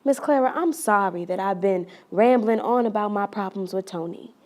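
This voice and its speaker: A woman's voice: medium pitch, normal speed, a little mellow, natural voice. A woman performing a dramatic monologue as a young woman who tells, earnestly and confidingly, how a relationship hurt her. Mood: pleading. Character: young woman recounting a hurtful relationship, wounded but resolute.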